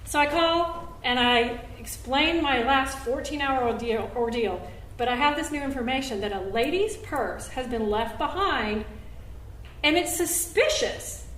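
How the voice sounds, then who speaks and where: A high-voiced woman tells a true story live on stage. She acts out each quote with sudden jumps in pitch and volume. Her sharp, bright voice carries through an echoey venue, caught from some distance with faint room noise behind it. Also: lively intonation, a little slow. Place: stage at a benefit show.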